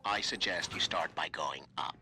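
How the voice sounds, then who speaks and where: A man's voice: deep voice, moderate pace, sharp tone. An actor voicing a sarcastic male tech specialist talking over a radio link in a video game. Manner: sarcastic, dry.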